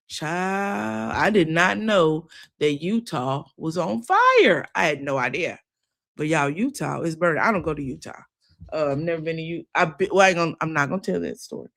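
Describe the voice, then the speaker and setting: A woman's voice: sits low, very animated, moderate pace, gravelly, a bit bright. Chatty woman host. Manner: chatty, folksy, addresses listeners as y'all and child. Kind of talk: casual news commentary.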